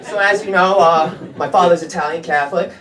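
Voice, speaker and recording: A man does a brash, profane stand-up set on a comedy club stage. His voice rings around the room, with a crowd laughing clearly behind him. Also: high-pitched, fairly quick, roomy sound. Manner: brash, profane, punchy delivery.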